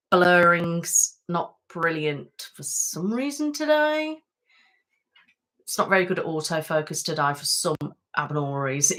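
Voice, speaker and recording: Chatty West Midlands woman, low voice. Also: fairly bright tone. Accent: West Midlands English. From West Midlands of England. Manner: chatty, rambling, self-deprecating, many ums. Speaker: ASMR channel host. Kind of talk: casual live-stream chat. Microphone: webcam setup at home.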